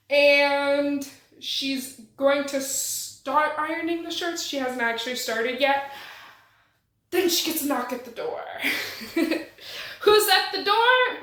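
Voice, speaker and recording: A woman's voice: high-pitched, a bit bright. A woman recapping a thriller novel in a chatty, slangy way with playful asides to the viewer. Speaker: book reviewer. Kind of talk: casual book recap. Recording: roomy echo.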